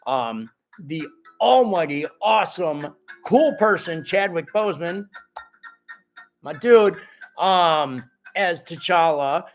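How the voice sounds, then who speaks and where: A man with a high voice hosts a live stream in a casual, joking way, reading viewer comments aloud. His voice cracks a little now and then. He swoops up and down as he talks, over faint background music. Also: slow pace. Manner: animated and jokey, talks straight to the viewers.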